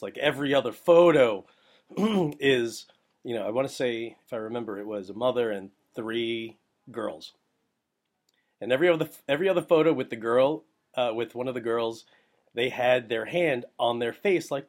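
Animated rambling man podcasting. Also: medium pitch, moderate pace. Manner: animated, rambling, with lively impressions of others. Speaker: podcast host, photographer. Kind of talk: casual podcast monologue.

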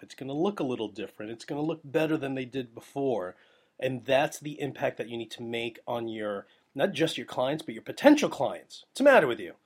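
A man with a mid-range voice hosts a photography podcast, rambling in a casual, animated way and slipping into quick impressions of other people.

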